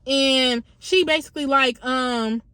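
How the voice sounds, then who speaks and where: A woman's voice: sits high, takes it slowly, noisy background. Slangy young woman telling a story. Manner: slangy, profane, conversational retelling. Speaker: vlogger. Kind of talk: casual storytime.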